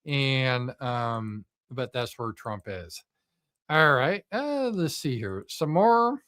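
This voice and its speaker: A man's voice: mid-range voice, big pitch swings, slow pace, fairly bright tone, clear, resonant tone. A middle-aged man hosting a live political commentary stream, speaking off the cuff in a profane, sarcastic and mocking way with frequent fillers.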